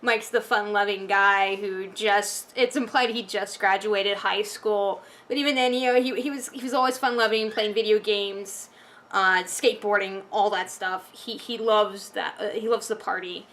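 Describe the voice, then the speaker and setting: A woman's voice: medium pitch, fairly even intonation, moderate pace, a bit bright. A woman vlogging from home, ranting casually with lots of restarts and fillers. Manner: rambling, frustrated, many restarts and fillers.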